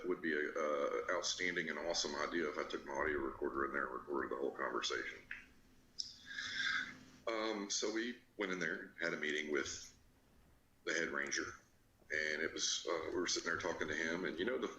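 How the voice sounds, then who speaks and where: A man being interviewed, recounting an expedition in a slow, halting way with many fillers. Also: very deep voice. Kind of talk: storytelling in an interview. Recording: bright, echoey room with faint background noise.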